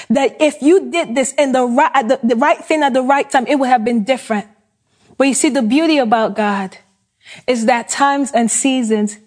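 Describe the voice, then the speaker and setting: A woman's voice: high-pitched, a little mellow. A woman preaching a sermon, earnest and urging, with casual conversational asides.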